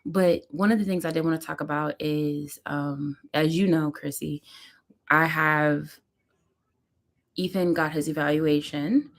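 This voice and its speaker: A woman's voice: deep voice, steady tone, unhurried, vocal fry. A woman, a mother and vlogger, talking candidly and emotionally at home on a casual live stream, rambling with lots of fillers.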